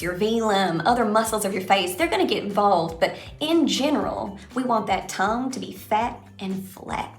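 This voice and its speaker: Playful tinged woman coach. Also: mid-range voice. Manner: playful, folksy, demonstrative. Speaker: accent coach. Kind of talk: casual accent lesson. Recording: echoey room.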